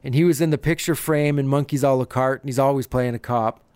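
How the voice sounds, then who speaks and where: Male podcast host, mid-pitched, chatty recap voice, dry close recording. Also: fairly even intonation, fast, darkish tone, clear, resonant tone, no echo. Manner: chatty, laughs often, retells scenes. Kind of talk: casual episode recap.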